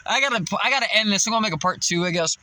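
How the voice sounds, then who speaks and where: A man with a high, very lively voice vents in a casual, profane storytelling rant. His tone is sharp and bright, and he breaks into laughter between lines as he acts out the people he works with. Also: fast, rough recording. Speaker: fast-food worker venting.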